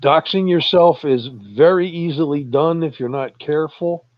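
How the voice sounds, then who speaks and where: A man in casual online talk, drawling slowly and chuckling as he tells stories. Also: a little high, dry recording. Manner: slow, drawling storyteller, chuckles often. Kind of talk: casual chat. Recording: muffled lo-fi voice chat.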